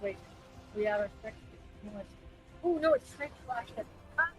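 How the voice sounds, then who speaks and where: A man's voice: sits high, lively intonation, moderate pace, a bit bright, soft background music, rough recording. A man taking part as a player, hesitant and asking many rules questions in casual chat. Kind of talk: casual tabletop game chat.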